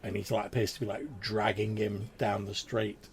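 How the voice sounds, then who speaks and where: A man narrating as game master in a relaxed, filler-heavy way. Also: on the low side, normal speed, creaky, slight background noise. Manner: relaxed, hesitant descriptive narration with many fillers.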